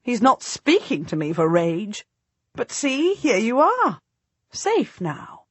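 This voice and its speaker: A woman's voice: fairly high pitch, wildly swooping pitch, takes it slowly, breathy edge, dry recording, full character voice. A woman voicing an eager warrior queen. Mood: urging. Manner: eager, urging. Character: jubilant warrior queen, middle-aged woman.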